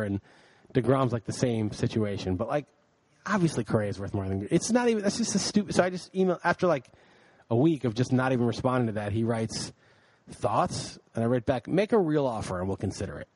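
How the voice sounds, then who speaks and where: A man's voice: medium pitch, no room sound. A man co-hosting a podcast, ranting in casual chat with lots of swearing, tired late at night. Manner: ranting, profane, animated. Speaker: podcast co-host.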